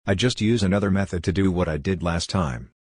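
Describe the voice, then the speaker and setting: A man voicing a blunt, ruthless girl raised by ghost leopards, speaking in flat, matter-of-fact broken English. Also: low voice, fairly quick, husky, no echo, clean studio sound. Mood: calm. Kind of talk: audiobook character voice.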